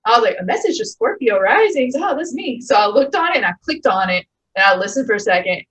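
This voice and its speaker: A young woman in her twenties hosting a podcast in casual chat, animated and quick to get excited, swearing casually. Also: mid-range voice, highs cut off. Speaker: podcast host.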